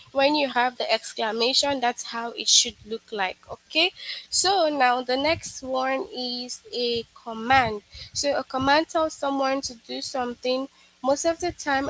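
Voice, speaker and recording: A woman's voice: high-pitched, fairly bright tone, poor audio. A woman teacher giving an online grammar lesson for young children, patient and repetitive, often checking in with "okay?".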